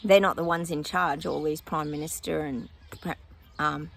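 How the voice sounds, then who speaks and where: A woman's voice: deep voice, steady tone, normal speed, vocal fry, a bit bright, a little hiss or hum. A woman psychic vlogging her predictions outdoors in casual chat, often breaking off to talk to her dog.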